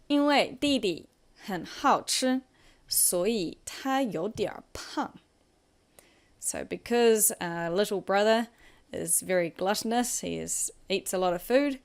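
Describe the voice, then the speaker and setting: A woman teaching a vocabulary lesson, patiently explaining each word and modelling the tones. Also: fairly low pitch. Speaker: Chinese language teacher.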